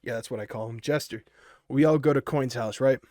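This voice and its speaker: A young man spins a loose, profane personal story, packed with fillers and restarts, buzzing from energy drinks. His voice sits at an ordinary middle pitch. The recording is dry and close, with no room sound. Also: brisk, a little mellow, no echo. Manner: rambling and profane, with many fillers.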